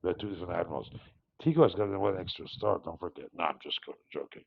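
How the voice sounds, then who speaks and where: A man's voice: on the low side, animated, fairly quick, vocal fry, slightly rough, highs cut off. A man hosting a market review, talking in a rambling, digressive way with many fillers and restarts. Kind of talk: rambling live market commentary.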